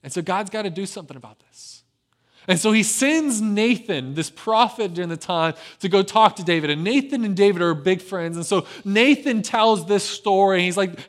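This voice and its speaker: Man preaching with swings to hushed tones. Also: normal speed. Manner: swings between lively emphasis and hushed low delivery. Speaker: pastor. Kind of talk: sermon retelling a scripture story.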